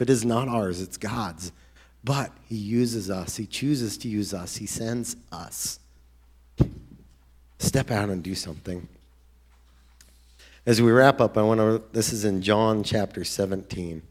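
A man preaching a sermon in an earnest, conversational way, now and then breaking into excited outbursts. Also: medium pitch, normal speed.

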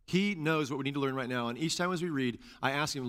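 A pastor delivering a sermon with animated, conversational delivery, repeating phrases for emphasis and dropping in casual asides. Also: male voice, medium pitch, fast, few pauses, clear, resonant tone.

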